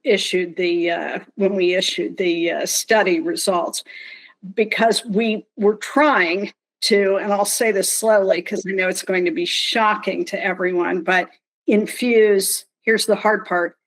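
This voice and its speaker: A woman talking on an online panel over a video call, unhurried and measured. She lays out her points slowly at an ordinary pitch, with a dry, wry edge. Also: steady tone, low-quality recording. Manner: deliberate, dry wry humor. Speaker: panelist from a nonprofit.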